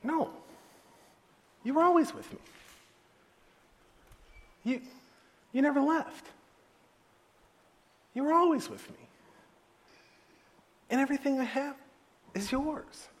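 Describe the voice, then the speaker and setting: A man playing a gentle older father who softly and tenderly pleads with his son, in an echoey hall. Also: sits high, wildly swooping pitch, brisk, hardly any pauses.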